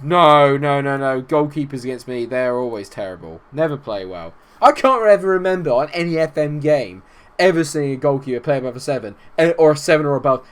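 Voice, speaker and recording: A young man commentating his own football management game, exasperated, swinging from low muttering to shouting at his players. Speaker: gaming YouTuber. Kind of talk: let's-play commentary.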